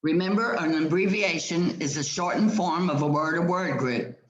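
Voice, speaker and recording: A woman's voice: fairly low pitch, moderate pace, muffled recording. Patient woman teacher in an echoey room. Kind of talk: classroom grammar lesson. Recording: roomy echo.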